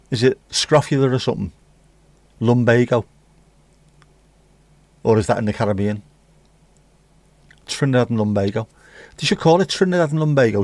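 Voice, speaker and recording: A man's voice: medium pitch, darkish tone, dry recording. A man hosting a casual livestream, rambling and joking as he reads comments. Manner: jokey, rambling, sings snatches of songs. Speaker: livestream host. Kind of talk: casual chat reading viewer comments.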